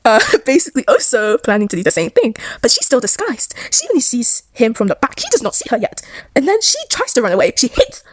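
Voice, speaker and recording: Young woman, chatty rambling recap vlogger, high bouncy voice, dry close sound. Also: wildly swooping pitch, quick pace, dry recording. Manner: chatty, rambling, giggly, acts out characters' lines. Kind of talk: casual story recap.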